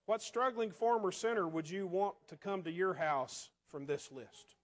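High-voiced male preacher, quiet asides. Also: animated, unhurried. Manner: conversational preaching, rhetorical questions, drops to quiet asides. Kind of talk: sermon.

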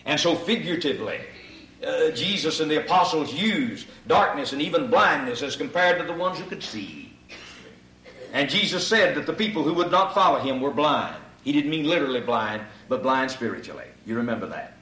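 Preacher echoing through a hall. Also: male voice, a little high, expressive, a little fast, slight background noise. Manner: builds to shouted emphasis, addresses crowd as ladies and gentlemen. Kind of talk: sermon. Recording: echoey hall, far from mic.

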